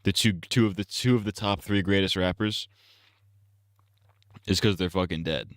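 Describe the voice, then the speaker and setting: In a loose, blunt live-stream rant full of profanity, a male streamer keeps restarting his sentences. His low, clean voice is recorded close and dry on a streaming mic, at a normal speed.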